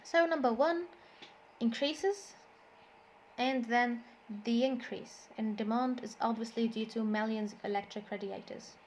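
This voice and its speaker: A woman's voice: a little high, steady tone, a little slow, a little mellow, slight background noise. A woman with an Egyptian accent teaching an English lesson, moving between English and Arabic and repeating words to drill their stress. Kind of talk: classroom lesson explanation.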